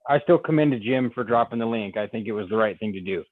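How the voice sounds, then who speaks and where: A man's voice: fairly low pitch, fast, dry recording, phone-quality sound. A man co-hosting a podcast, chatting in an easygoing way and laughing often. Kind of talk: casual chat.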